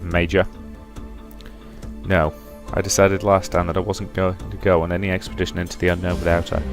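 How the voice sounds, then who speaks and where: Deep-voiced man reading a game aloud. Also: little pitch movement, brisk, soft background music. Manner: reads all characters' lines with shifting pitch and loudness. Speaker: game let's-player. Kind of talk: reading a visual novel aloud, voicing characters.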